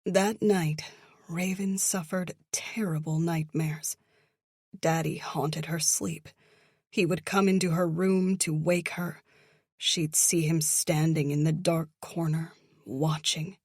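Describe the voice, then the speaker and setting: A woman narrating a thriller audiobook in a slow, measured, somber manner, close to the mic. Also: low-pitched, steady tone, a little mellow, husky, no room sound. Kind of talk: scripted narration.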